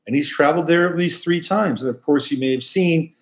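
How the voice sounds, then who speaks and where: A man's voice: fairly high pitch, brisk. A man hosting a casual astrology talk, speaking in a rambling, conversational way full of fillers. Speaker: astrologer host.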